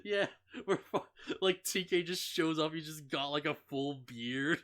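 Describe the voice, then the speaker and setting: Recapping an anime on a casual podcast, this young co-host speaks at a measured pace in a fairly high, fairly bright voice. His talk rambles with lots of "like" fillers, frequent laughter, and mock character voices.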